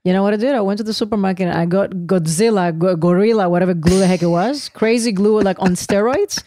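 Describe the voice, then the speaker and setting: A woman's voice: mid-range voice, fast talker, no echo, studio quality. A woman in her forties co-hosting a casual podcast, telling stories with lots of energy and acting out the quotes. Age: 40s. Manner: animated storyteller, acts out quotes. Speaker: co-host.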